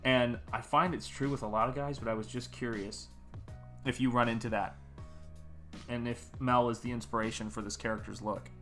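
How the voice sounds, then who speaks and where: American male stream host, rambling and friendly, bright tone, faint music under him. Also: medium pitch, steady tone, normal speed. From United States. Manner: rambling, chatty, greets viewers in chat. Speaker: artist livestream host. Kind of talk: casual livestream chat.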